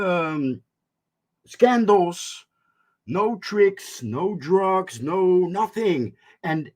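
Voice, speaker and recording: A man hosting a talk radio show, speaking in a halting, emphatic way with frequent restarts. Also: fairly high pitch. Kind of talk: casual talk radio monologue.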